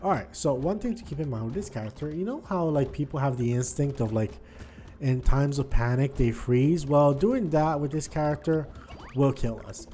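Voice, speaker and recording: A man giving casual gameplay commentary, thinking aloud and swinging between quiet muttering and frustrated outbursts. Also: medium pitch, moderate pace, slight background noise. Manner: thinks aloud, repeats words and restarts. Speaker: gaming video host.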